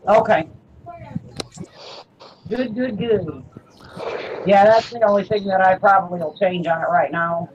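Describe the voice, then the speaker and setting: A woman in casual chat, asking for advice on her tank in a relaxed, easygoing way. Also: medium pitch, measured pace, long pauses, highs cut off, slight background noise. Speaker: reef hobbyist asking for advice.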